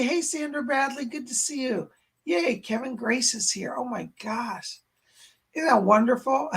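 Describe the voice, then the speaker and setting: A man hosting a live stream as a psychic medium, hoarse and clearing his throat, greeting viewers with exuberant casual chat and calling himself by name. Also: very high voice, bright, forceful tone. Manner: exuberant, calls himself by name in the third person.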